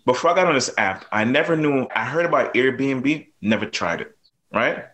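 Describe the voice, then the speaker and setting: A man's voice: mid-range voice, expressive, moderate pace, fairly bright tone. A man with a Jamaican accent, a plumber and landlord, talking loosely with lots of fillers as a podcast guest. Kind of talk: casual podcast interview.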